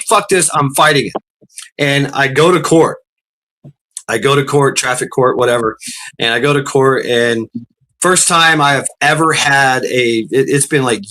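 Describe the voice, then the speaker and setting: Man, casual chat host, rambling anecdote, many fillers, laughs a lot, bright forceful voice. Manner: rambling, laughs often, acts out quotes with raised pitch. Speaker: podcast host.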